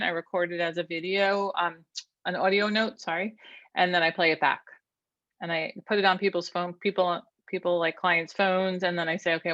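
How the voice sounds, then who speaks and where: A woman therapist leading an online workshop, calmly guiding a breathing exercise and teaching, counting slowly and giving instructions. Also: fairly low pitch, no room sound, highs cut off. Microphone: online video call.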